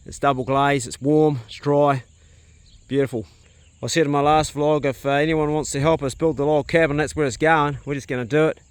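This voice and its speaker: A man's voice: on the high side, fairly even intonation, a little fast, clear, resonant tone, dry recording. A man with a New Zealand accent vlogging casually outdoors on his farm, chatting to the camera and talking to his dogs and animals. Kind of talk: casual farm vlog narration.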